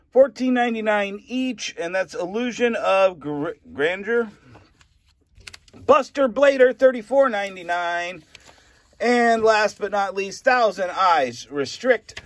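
A man's voice: high-pitched, dry recording. A man hosting a casual rundown of a comic shop's recent sales, chatting through items and prices and tripping over some names. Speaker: comic shop host reviewing sales. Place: comic and collectibles shop.

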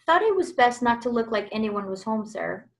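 A sly, servile butler from a storybook, speaking low and hushed, as a woman puts him on. He is overly polite to his master. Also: sing-song, normal speed, creaky.

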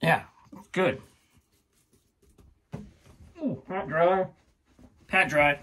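A man's voice: a little high, very slow, a bit bright. A man hosting his own shaving channel, chatting casually and rambling through a product review, laughing often.

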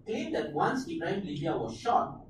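A man's voice: fairly high pitch, big pitch swings, normal speed. A man with a Malaysian English accent co-hosting a live comedy podcast, narrating a story and breaking into jokes. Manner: narrates events, then breaks into joking bits with laughs. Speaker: podcast co-host. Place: live show venue. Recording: very echoey live room, mic distant, faint noise.

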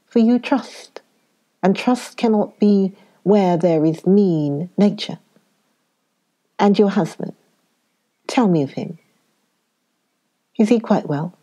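A woman reading the part of an elderly foreign male professor in an audiobook, speaking earnestly with halting, oddly worded phrasing. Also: fairly low pitch, warm tone.

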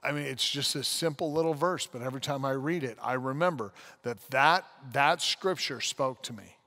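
A man's voice: mid-range voice, moderate pace, sharp tone. A man in his forties, a pastor, telling a personal story in a casual podcast conversation, acting out the scenes as he goes. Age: 40s.

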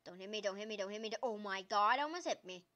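A young woman hosting her gaming channel, giving excited gameplay commentary, squealing and cheering at the screen. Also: medium pitch, fast.

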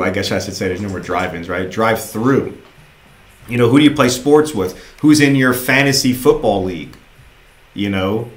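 Male sales trainer, casual motivational delivery, middle pitch, echoey room. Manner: casual, encouraging, repeats himself.

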